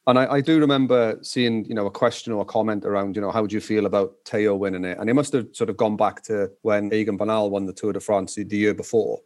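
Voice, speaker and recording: A man's voice: on the low side, fairly even intonation, fast talker, hardly any pauses, darkish tone. A man hosting a casual interview, asking chatty, empathetic questions. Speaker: interview host.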